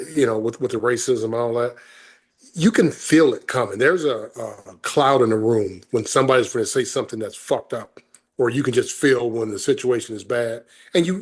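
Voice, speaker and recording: Man, veteran guest, husky voice, laid-back and profane. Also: medium pitch, normal speed, darkish tone. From Helena, Arkansas, US South. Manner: easygoing, profane, laughs often. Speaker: podcast guest, military veteran. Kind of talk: casual podcast chat.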